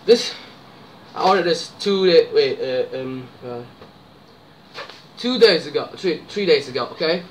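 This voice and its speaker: A man's voice: a little high, expressive, a little slow, a little hiss or hum, poor audio. A young man chatting casually in a vlog, slangy and playful, often exclaiming and rambling. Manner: slangy, exclaiming, hushed and breathy while eating, loud and playful when reviewing. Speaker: vlogger.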